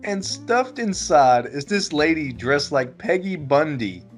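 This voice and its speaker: A man with a slightly high voice recaps a film on a casual podcast, his pitch swinging widely as he tells it with lots of swearing. Faint guitar music plays quietly behind him. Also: unhurried. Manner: animated storytelling, swears freely.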